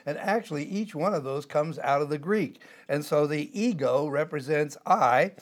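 A man's voice: on the high side, normal speed. An older man teaching a Bible passage verse by verse, explaining word by word and wandering into side topics with many "uh" fillers. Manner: digressive, explanatory, frequent "uh" fillers.

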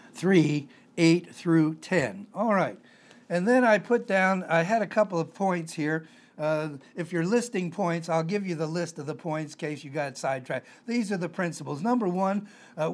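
A man preaching a conversational sermon, emphatic and repeating his key phrases. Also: a little high.

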